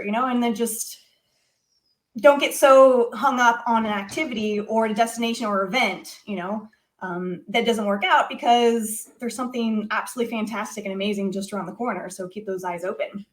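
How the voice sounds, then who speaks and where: A young adult woman telling a story as an interview guest, casual and animated, with many fillers. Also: on the high side, normal speed. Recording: echoey room.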